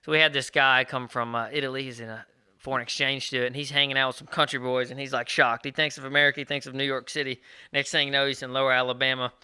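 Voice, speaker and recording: Fast bright-voiced man. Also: medium pitch, clean tone, dry recording. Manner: fast, animated storyteller, acts out quotes. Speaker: podcast co-host. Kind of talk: casual storytelling chat.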